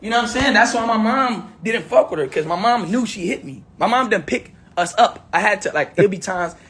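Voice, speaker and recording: A man's voice: sits high, animated, a little fast, a bit bright. Rambling young man in an echoey room. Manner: rambling, repeats himself, emphatic. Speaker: storyteller in a played clip. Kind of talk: casual storytelling. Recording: echoey room, faint background noise.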